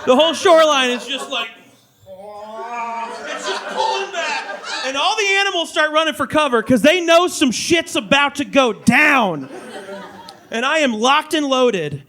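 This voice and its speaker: A man performing a stand-up comedy set on a club stage, telling crude stories in a loud, animated way. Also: extremely high pitch, normal speed, a faint crowd. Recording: live club audience laughter.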